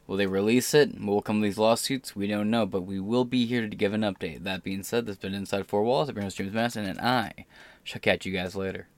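A man hosting his own podcast, telling a story casually and getting loud and animated when he quotes people. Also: lowish voice, a little fast. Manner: animated storytelling, swearing, voice rising when quoting. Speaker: podcast host.

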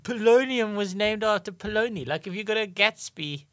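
A South African man cohosts a comedy podcast in mock exasperation, swearing as he rants. His voice is bright and swings widely in pitch. The recording is dry and close. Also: expressive, normal speed, dry recording. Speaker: podcast co-host. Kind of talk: casual comedy banter.

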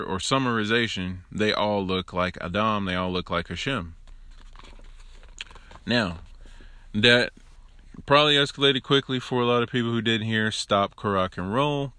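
A man's voice: lowish voice, a little slow, bright, forceful tone, clear, resonant tone, no echo. A man giving an informal Torah teaching alone into his own recording device, conversational and emphatic, with joking asides. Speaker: religious teacher.

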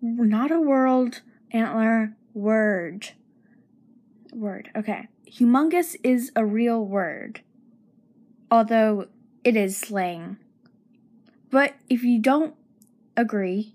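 A woman's voice: on the high side, slow pace, long pauses. A woman giving a scripted comedic monologue as narrator and host, playful and self-mocking, with sing-song emphasis.

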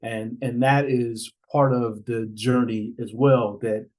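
A podcast guest who is an author and father tells stories conversationally, with a lively, animated delivery, easy laughter, and imitations of the people he quotes. His voice is mid-pitched for a man and slow, on a low-quality recording.

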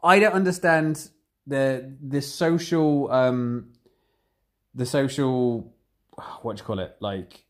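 Man, casual podcast chat, candid, rambling, mid-pitched voice. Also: takes it slowly, pauses often. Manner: candid, rambling, animated when retelling exchanges.

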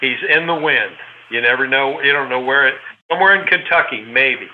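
A man's voice: medium pitch, brisk, highs cut off, a little hiss or hum. A man casually reminiscing with a friend, telling a long, meandering anecdote. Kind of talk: casual chat.

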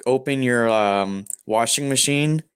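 A young man co-hosting a podcast, joking in a deadpan, absurd way during casual chat. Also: mid-range voice, unhurried, clear, resonant tone, no echo. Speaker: podcast co-host.

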